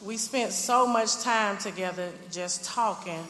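A woman, a mother, softly and earnestly recounting memories of her son. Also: mid-range voice, unhurried. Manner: soft, earnest storytelling. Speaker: grieving mother. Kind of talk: personal testimony. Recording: echoey hall with loud noise.

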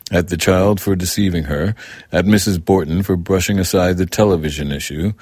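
A man narrating an audiobook in an even, measured reading. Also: deep voice, no echo, clean studio sound.

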